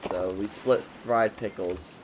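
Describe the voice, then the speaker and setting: A man's voice: on the low side, fairly even intonation, slow pace, slight background noise, low-quality recording. A man in his twenties telling a rambling, profane storytime in a casual, joking way. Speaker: vlogger.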